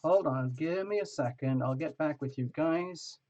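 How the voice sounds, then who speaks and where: A chatty man with a fairly high voice hosts a casual live tarot stream, greeting viewers one by one. The sound is dull and muffled, like a lo-fi recording. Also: normal speed, a little mellow. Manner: chatty, greets viewers by name, laughs often.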